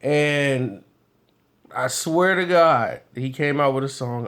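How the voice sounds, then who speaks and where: A man vlogging, telling casual stories in an animated, loose way with frequent laughs. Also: a little high, normal speed. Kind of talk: casual storytelling.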